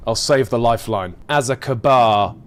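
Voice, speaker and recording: A young man commentating casually on a live game stream, jokey, excitable and swearing freely. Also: medium pitch, moderate pace.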